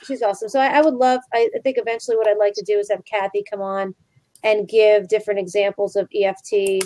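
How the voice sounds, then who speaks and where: A woman's voice: mid-range voice, flat delivery, fast talker, warm tone, no room sound. A woman chatting casually in an online video conversation, filling her talk with "like". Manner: chatty, lots of "like".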